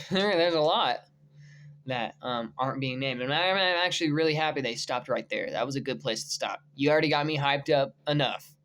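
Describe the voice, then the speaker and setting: A young man giving casual reaction commentary on movie casting news, excitable and profane, breaking into shouts of disbelief. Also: mid-range voice, a little hiss or hum. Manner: excitable, swears freely, bursts into shouting.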